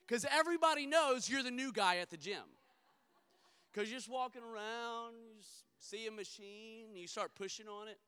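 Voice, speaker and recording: Middle-aged male pastor, high and bright, emphatic sermon delivery with comic storytelling asides. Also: clean tone. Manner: emphatic preaching with humorous storytelling.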